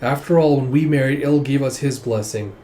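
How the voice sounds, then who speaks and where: A man reading aloud the lines of a composed young prince from a comic, in a measured, reassuring way. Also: medium pitch, mellow, slight background noise, close to an everyday voice. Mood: calm.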